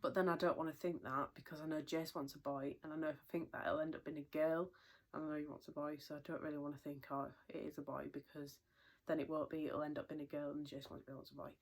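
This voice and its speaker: A woman's voice: sits low, flat delivery, fast talker. A young British woman chatting in a casual vlog update, rambling with lots of fillers and a little out of breath. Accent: British English. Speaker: vlogger.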